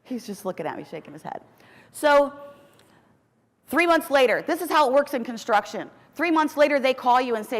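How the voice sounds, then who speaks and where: Middle-aged American woman, keynote storyteller, animated and a bit high, big hall reverb. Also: moderate pace. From United States. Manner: humorous, lively storytelling. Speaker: keynote speaker. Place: large conference hall. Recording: long reverb of a large hall.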